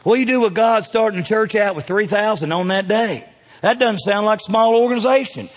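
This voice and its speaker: A man's voice: sits high, expressive, a little fast, in a large hall. A man preaching a sermon in a church sanctuary, folksy and dramatic, talking straight to the congregation.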